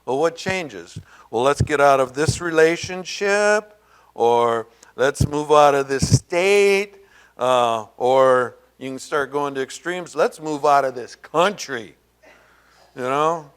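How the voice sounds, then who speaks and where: A man preaching a sermon as pastor, conversational and rambling, full of fillers and asides, and raising his pitch to act out quoted voices. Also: animated, slow, smooth.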